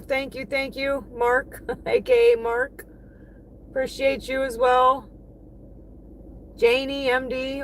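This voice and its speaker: A woman's voice: on the high side, slight background noise. A woman chatting casually on a livestream, thanking her viewers one by one by name. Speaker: livestreaming delivery driver.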